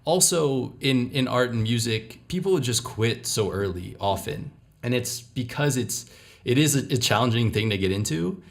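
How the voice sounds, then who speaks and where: A man hosting a podcast, introducing his guest and talking in a measured, reflective way. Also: medium pitch, expressive, creaky. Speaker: podcast host. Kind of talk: podcast intro and interview chat.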